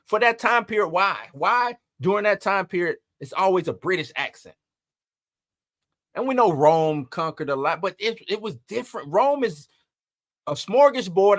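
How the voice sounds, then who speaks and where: Brief: lively male commentary host, high-pitched and animated. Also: normal speed, dry recording, clean studio sound. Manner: animated, emphatic, rhetorical questions. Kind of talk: entertainment news commentary.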